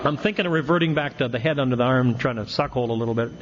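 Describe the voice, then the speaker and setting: A man's voice: mid-range voice, very fast. A middle-aged man telling a self-mocking recovery story to a meeting, with wry humor. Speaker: AA speaker. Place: meeting hall with audience. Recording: dull lo-fi tape with faint hiss.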